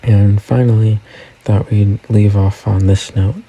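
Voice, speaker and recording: A man's voice: on the low side, fairly even intonation, measured pace, mellow, breathy edge, low-quality recording. A man hosting a casual news recap, talking through events and reading quotes aloud. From United States. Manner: conversational, reads quotes aloud.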